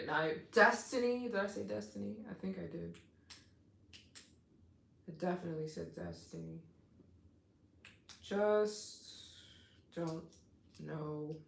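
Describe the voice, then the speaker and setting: A woman hosting a casual live stream as a travel vlogger, talking to her viewers in an effusive, excitable way with lots of "like.". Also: lowish voice, gravelly, roomy sound, slight background noise. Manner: effusive and excitable, heavy use of "like".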